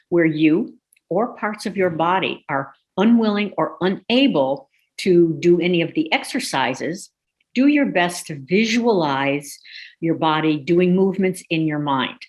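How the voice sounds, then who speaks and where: A woman teaching a yoga class, guiding breathing, stretches and a visualization with calm, slow cues. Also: lowish voice. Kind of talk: guided yoga and meditation instruction.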